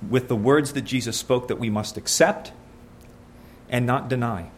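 A man's voice: medium pitch, moderate pace, a little hiss or hum. A man preaching a sermon, reading scripture aloud and asking his listeners questions in an earnest, conversational way.

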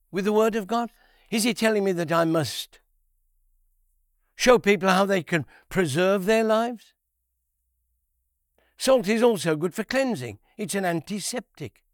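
A man giving a conversational Bible teaching, unhurried, repeating key phrases and asking rhetorical questions. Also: sits high, dry recording, studio quality.

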